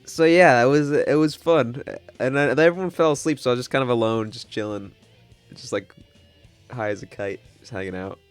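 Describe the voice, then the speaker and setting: A man's voice: mid-range voice, moderate pace, smooth, faint music behind. A young man, casually telling a long rambling story to his stream chat, with lots of restarts and swearing.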